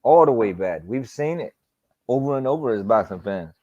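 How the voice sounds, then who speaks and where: A man's voice: medium pitch, expressive, moderate pace, a little mellow. Man, live boxing talk host, casual and profane, repetitive slang, muffled lo-fi audio. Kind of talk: casual live-stream commentary. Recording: dull lo-fi stream audio.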